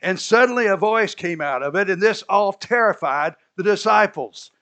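A man's voice: sits high, lively intonation, moderate pace, pushed and bright. A man preaching a sermon, telling the story with energy, acting out the characters' lines and laughing at his own asides. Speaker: pastor.

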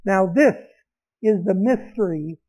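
High-voiced man preaching a sermon. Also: animated, unhurried, darkish tone, low-quality recording. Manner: conversational, explaining scripture with asides.

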